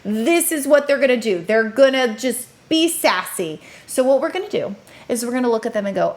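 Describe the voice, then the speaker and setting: A woman in her thirties talks through a parenting clip in a casual, chatty way. Her voice sits a little high, and she slips into quick little impressions of parents and kids to make her points. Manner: animated, acts out parents' and children's lines. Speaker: educator and parenting commentator. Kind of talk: casual reaction commentary.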